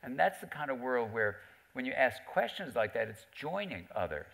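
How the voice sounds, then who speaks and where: A man's voice: medium pitch, moderate pace, gravelly. A middle-aged man telling stories on a theater stage, acting out the voices of the people he quotes. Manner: animated storyteller, acts out quoted voices. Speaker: author and psychiatrist guest. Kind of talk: storytelling on stage in conversation. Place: theater stage before an audience.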